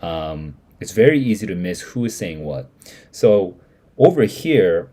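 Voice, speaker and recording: A man walks through a short story passage line by line, pausing to explain as he goes. His voice is husky and mellow, with a pitch that rises and falls a lot, and he thinks aloud with plenty of fillers and restarts. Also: big pitch swings. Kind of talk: live reading reaction.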